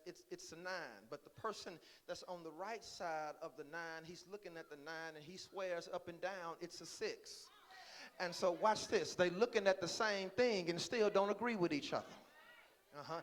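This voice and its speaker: A pastor preaching in a church, moving from calm teaching to loud, rising preaching and often repeating his first words. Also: on the high side. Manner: repeats words as he starts lines. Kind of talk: sermon. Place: church sanctuary.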